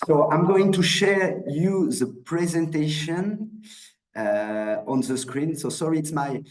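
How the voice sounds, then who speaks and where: A man's voice: a little high, slow pace, reverberant, low-quality recording. A man with a French accent giving an online wine presentation, hesitant, with many restarts and fillers. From France. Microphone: video call.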